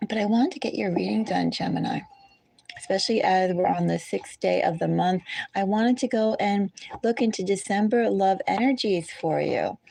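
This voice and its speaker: A woman's voice: mid-range voice, normal speed, creaky, warm tone, husky. A woman hosting a tarot reading, talking in a casual, rambling way that drifts into side stories and corrects itself as she goes. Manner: rambling, digressive, self-correcting. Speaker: tarot reader. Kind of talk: casual chatty astrology reading.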